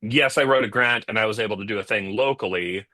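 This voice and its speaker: A man's voice: on the low side, quick pace, pushed and bright, dry recording. A man chatting as a guest on a video call, rambling with lots of fillers and restarts. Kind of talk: casual video-call interview. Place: home in the North Jersey area.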